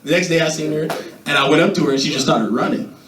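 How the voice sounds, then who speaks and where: A young man doing stand-up at an open mic, talking loosely and animatedly and jumping into high squeaky voices when he quotes people. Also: fast talker, a bit bright, slight background noise. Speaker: stand-up comedian. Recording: echoey room, mic from a distance.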